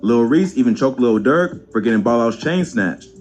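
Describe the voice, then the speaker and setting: A man reading a scripted documentary narration in an even, measured way. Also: mid-range voice, soft background music.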